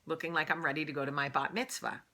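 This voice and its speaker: A woman's voice: low-pitched, fairly even intonation, fast, pushed and bright. A woman with a New Jersey accent hosting a casual morning vlog, chatty and rambling, laughing at herself often. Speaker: vlog host. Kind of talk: casual morning chat to camera.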